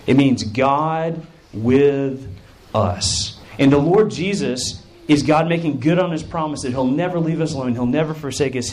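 A man's voice: medium pitch, a little mellow. A male pastor preaching a sermon in an earnest way, drawing out phrases for emphasis.

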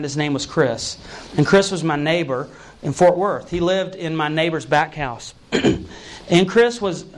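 Man, young adult, pastor, sermon, earnest storyteller, acts out dialogue, slightly high voice.

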